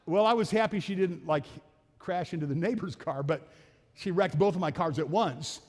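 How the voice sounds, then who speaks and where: A middle-aged pastor with a fairly high, slightly mellow voice speaks at a normal speed. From a church sanctuary, he voices the characters of a family story in his folksy sermon. The hall's echo and faint music carry through the recording.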